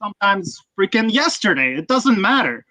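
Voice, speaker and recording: Bright-voiced man ranting profanely. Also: sits high, very animated, moderate pace, dry recording, rough recording. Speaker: livestream host. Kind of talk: casual livestream chat.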